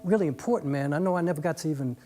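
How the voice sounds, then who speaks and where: A man's voice: a little high, racing, mellow, lightly acted. Man as shy apologetic young poet, hesitant mutter over music.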